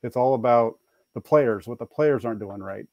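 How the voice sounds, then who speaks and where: A man's voice: medium pitch, normal speed, darkish tone, no room sound. Hesitant man on a dry sports panel. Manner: hesitant, thoughtful, many fillers. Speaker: podcast panelist. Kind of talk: sports talk.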